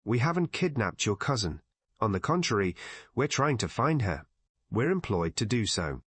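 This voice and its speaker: Man doing a brisk young Englishman. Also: on the low side, big pitch swings, a bit bright, husky, no echo, exaggerated voice.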